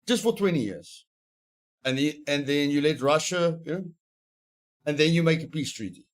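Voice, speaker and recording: A man's voice: a little high, animated, normal speed. A man streaming a survival game, talking casually, rambling and joking in a mock-serious way. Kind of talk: casual gameplay chat.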